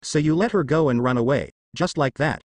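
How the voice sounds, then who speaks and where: A man's voice: on the high side, fairly quick, natural voice. Guy doing a cold menacing ancient warrior, short clipped lines. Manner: curt and cold. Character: cold ancient immortal man, curt and menacing.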